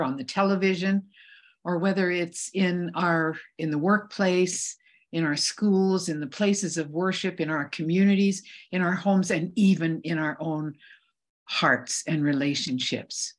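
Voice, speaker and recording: A middle-aged woman, a guest speaker on a video call, telling a personal story in an earnest, measured way with frequent restarts. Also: fairly low pitch.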